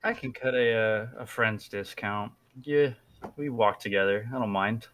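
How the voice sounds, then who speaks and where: A man's voice: on the low side, a little slow, a bit bright. A man playing a human male butcher in furs, a friendly trader selling meat to travelers. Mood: obliging. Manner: friendly, chummy salesman.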